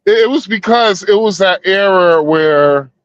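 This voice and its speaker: A podcast co-host with a Southern US accent swaps crude, laid-back stories in casual banter, using slang and profanity. His voice is high-pitched and a little slow, and the audio is dull with no room sound.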